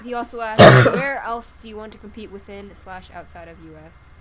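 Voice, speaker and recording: A woman on a casual podcast briskly reads listener questions aloud. Her pitch sits in the middle, and steady crowd chatter fills the background. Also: rough recording.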